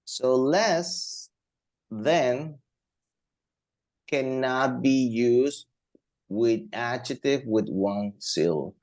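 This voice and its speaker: Slow, mellow-voiced male English teacher. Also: medium pitch. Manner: slow, repetitive, thinking aloud. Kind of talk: classroom grammar lesson.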